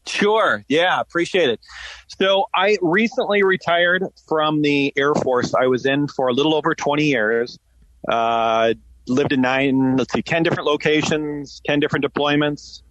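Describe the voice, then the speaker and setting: A man's voice: a little high, normal speed, a bit bright, muffled recording. A man in his forties, a podcast guest, telling his story in a plain conversational way with frequent fillers. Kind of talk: conversational interview answers.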